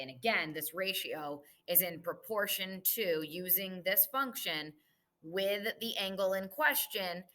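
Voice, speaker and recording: A woman's voice: on the low side, bright, forceful tone. A woman teacher recording a math lesson review, explaining patiently step by step as she writes on the board.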